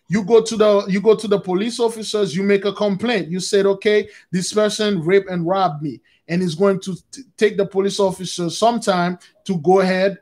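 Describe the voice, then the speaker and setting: A man with a notably high voice hosts a loose, informal livestream talk on spiritual matters. He rambles and circles back over the same points, again and again addressing his listeners as brothers and sisters. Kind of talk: casual spiritual talk to viewers.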